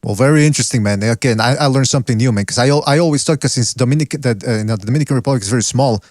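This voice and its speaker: A man's voice: medium pitch, racing, a little mellow, no room sound, studio quality. A man hosting a podcast in loose, joking casual chat, swearing freely and tacking "man" onto his sentences. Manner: joking, swears often, says "man" a lot. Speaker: podcast host.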